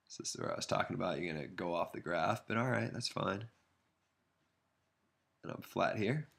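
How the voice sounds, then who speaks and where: A man's voice: lowish voice, vocal fry. A man giving a casual math lesson, thinking aloud and making fun of his own drawing as he sketches a graph. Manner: relaxed, self-deprecating, thinks aloud while sketching. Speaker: math instructor.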